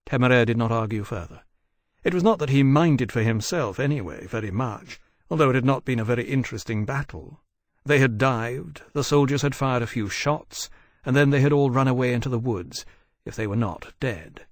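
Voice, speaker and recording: A man reading a novel aloud as an audiobook narrator, in a measured, even storytelling manner on a close studio mic. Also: mid-range voice, no room sound. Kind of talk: scripted narration.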